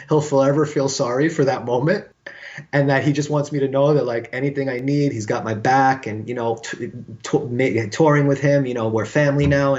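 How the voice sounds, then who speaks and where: A middle-aged man from New York spins an animated, profane story as a podcast guest, his speech full of fillers. His voice sits at an ordinary middle pitch. The recording sounds a little dull and lo-fi. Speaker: guest musician. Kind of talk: casual storytelling in a podcast interview.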